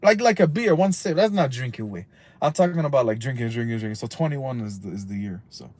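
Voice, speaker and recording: A man's voice: medium pitch, animated, fast talker, a little mellow, no echo. A man of about thirty, ranting casually on a live stream from inside a car, heated and profane, rambling and mixing in Spanish slang. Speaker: livestream host.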